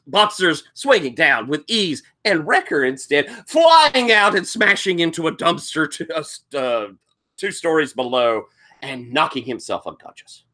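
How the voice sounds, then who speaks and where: A game master with a fairly high, bright voice tells the session back in animated fashion. His pitch climbs and drops with every twist. He acts out quotes and sound effects as he goes. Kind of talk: recapping a tabletop game session.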